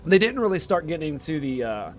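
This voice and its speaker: A young man streaming a game and chatting casually, excited and rambling, full of "dude" and "man". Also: on the high side, fast. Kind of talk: casual chat while streaming.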